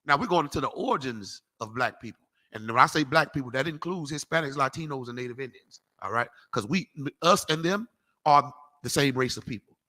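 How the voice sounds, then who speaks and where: A man preaching in a loose, slangy style, emphatic and animated as he calls for scripture to be read. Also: medium pitch, fairly quick. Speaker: street preacher teaching a class. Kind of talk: preaching lecture.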